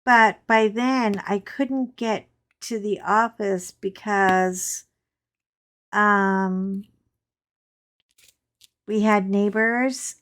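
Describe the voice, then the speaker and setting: A woman hosting a crafting channel, chatting casually and telling animated anecdotes with frank asides while she works. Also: medium pitch.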